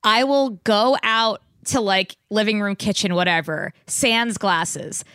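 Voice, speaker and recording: A woman's voice: medium pitch, slow pace, a bit bright, clear, resonant tone, no room sound, studio quality. A woman on a casual podcast chat. She is giggly and chimes in with short reactions.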